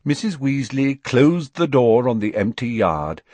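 Husky, expressive male audiobook narrator. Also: medium pitch, no room sound. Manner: measured, expressive storytelling. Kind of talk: scripted narration.

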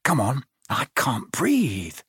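A man voicing a young boy hero, earnest and quietly nervous. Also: medium pitch, huge pitch swings, takes it slowly, breathy edge, no echo, studio quality, exaggerated voice. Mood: hushed.

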